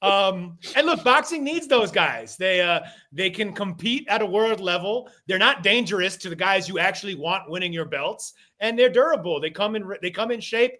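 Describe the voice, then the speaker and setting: Male co-host, high bright voice, jokey boxing chat over a call. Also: lively intonation, normal speed, hardly any pauses. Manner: jokey, rambling opinions. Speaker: podcast co-host. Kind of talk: casual boxing podcast chat. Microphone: remote call.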